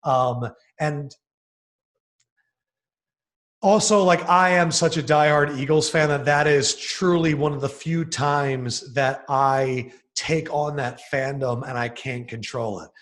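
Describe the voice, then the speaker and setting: A young man from the Philadelphia area who hosts sports on TV, talking in a casual podcast chat. His voice sits a little high for a man, and he tells stories in lively, quickening bursts. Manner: animated storyteller, fast excited bursts. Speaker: sports TV host, podcast guest.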